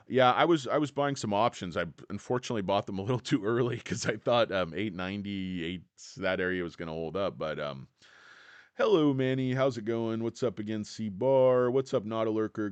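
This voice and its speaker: A man's voice: on the low side, clear, resonant tone, dry recording. A man hosting a casual stock livestream, sarcastic, crude and rambling, a bit out of breath. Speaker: stock market livestream host.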